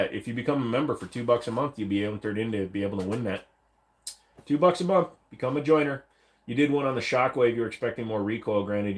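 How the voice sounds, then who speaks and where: A man hosting a casual livestream, chatting bluntly and profanely while reading viewer comments aloud. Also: mid-range voice. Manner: blunt, profane and rambling, mock-voices chat messages. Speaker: livestream host.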